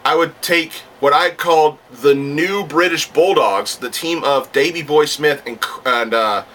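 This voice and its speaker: Excitable rambling man, bright voice. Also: a little high, a little slow, recorded from a distance, a little hiss or hum. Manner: rambling, restarts, gets excited and swears. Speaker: wrestling fan vlogger. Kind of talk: casual talking-to-camera monologue.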